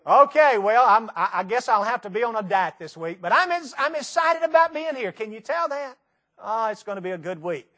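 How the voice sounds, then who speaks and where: Preaching to a church congregation, this Tennessee-accented man speaks a little fast in a high-pitched voice. His delivery is lively and packed with rhetorical questions.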